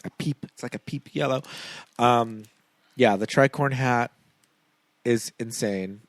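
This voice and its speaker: A man's voice: medium pitch, slow, dry recording. A man co-hosting a podcast in casual chat, laughing often and slipping into silly voices. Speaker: podcast co-host.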